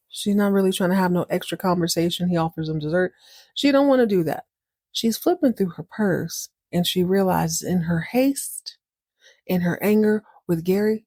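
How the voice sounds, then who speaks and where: A woman hosting a podcast, recapping a TV episode in a chatty, animated way and acting out the characters. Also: medium pitch, normal speed, creaky, no echo, studio quality. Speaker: podcast host.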